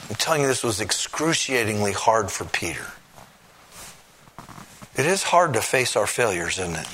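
A male preacher delivering a sermon, dramatic and swinging between hushed and loud passages. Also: on the low side, sing-song, moderate pace, long pauses, a little hiss or hum.

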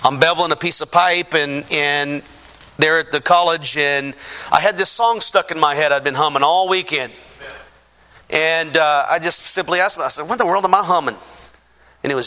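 A man giving a personal testimony in a halting, earnest way, with many restarts and fillers, growing fervent and emphatic. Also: a little high, pushed and bright.

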